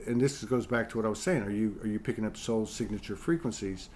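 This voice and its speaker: A man's voice: on the low side, fast, darkish tone, a little hiss or hum. A man hosting a casual interview, rambling and restarting his sentences as he thinks aloud. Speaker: host.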